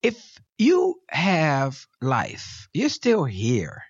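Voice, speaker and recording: A man with a fairly high, very animated voice, preaching encouragement as a guest. His delivery swings up and down with emphasis. The recording is dry and a little dull. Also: very slow, husky, no room sound. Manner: lively, emphatic, exhorting. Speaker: guest speaker. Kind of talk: preacherly motivational storytelling.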